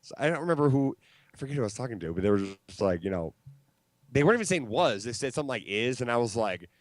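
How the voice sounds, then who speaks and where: A man co-hosting a casual comedy chat show, rambling and halting with fillers as he calls in from home. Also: medium pitch, lively intonation, no room sound. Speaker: podcast co-host. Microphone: home mic over a call link.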